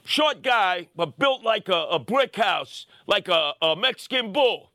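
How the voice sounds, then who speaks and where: A middle-aged man tells a story as a podcast host, bursting into shouts at the big moments. His voice sits very high and sounds sharp and forceful. The recording is dry and close. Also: measured pace, dry recording. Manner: excitable, shouting bursts, punchy street-tough delivery. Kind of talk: animated storytelling commentary.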